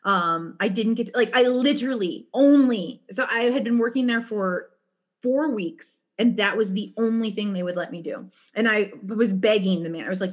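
A woman telling a story in casual chat, animated and laughing often, with frequent restarts. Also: mid-range voice, normal speed.

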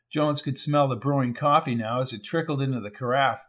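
A man reading a crime novel aloud in even, measured scripted narration. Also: medium pitch. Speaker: audiobook narrator.

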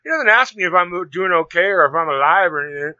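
A man telling a long story in casual conversation, rambling and animated, with many restarts. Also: sits high, quick pace, dry recording. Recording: dull lo-fi sound.

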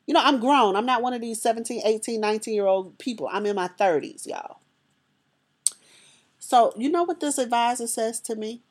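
A woman with a fairly high voice shares a personal story at a moderate pace. She's lively and conversational, talking right to the people listening.

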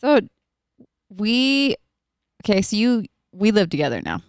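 A woman in her thirties hosting a podcast, chatty and quick to giggle, reading a sponsor ad and bantering with her guest. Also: medium pitch, sing-song, clear, resonant tone, no room sound, clean studio sound. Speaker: podcast host. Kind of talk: casual chat and self-read ad.

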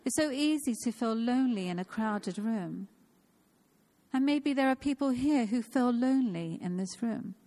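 A woman's voice: fairly high pitch, expressive, normal speed, mellow. A woman of fifty giving an informal, personal sermon in a church, earnest and repeating phrases for emphasis. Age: 50s. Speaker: church speaker.

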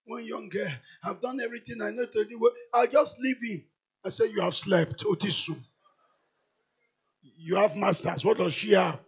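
A man with a Nigerian accent preaching a sermon, moving from quiet storytelling to shouted declarations. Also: high-pitched, steady tone, normal speed, gravelly, husky, dull audio. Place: large church hall.

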